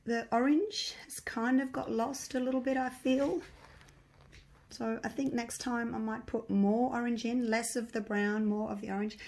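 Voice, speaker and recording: Chatty woman with a croaky voice. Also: a little high, steady tone, moderate pace, a little mellow. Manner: chatty, thinking aloud, talks to viewers. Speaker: resin craft vlogger. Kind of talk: casual chat while crafting.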